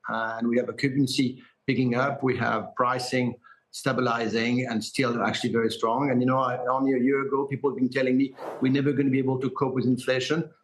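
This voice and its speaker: A middle-aged man with a French accent, speaking in a live TV business interview. He is a company chief executive, sure of himself and upbeat, answering quickly with frequent "uh" fillers. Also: mid-range voice, rough recording. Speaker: hotel group chief executive.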